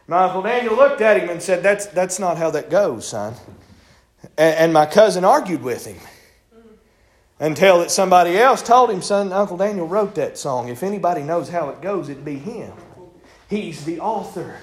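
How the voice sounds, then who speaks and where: A man preaches in a folksy way. He tells stories and acts out the people in them, and his delivery builds up until he is shouting. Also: sits high, animated, moderate pace. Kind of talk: sermon with storytelling.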